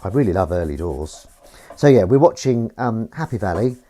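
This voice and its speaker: Grumbling, sweary man, lively pitch. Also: moderate pace. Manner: grumbling, swears a lot, talks to viewers. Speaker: livestream host. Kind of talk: casual chat while washing up. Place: home kitchen sink.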